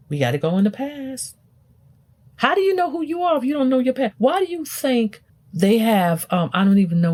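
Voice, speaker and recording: A woman hosting a spiritual podcast delivers a teaching monologue, speaking emphatically to the listener and asking many rhetorical questions. Her voice is medium in pitch and warm.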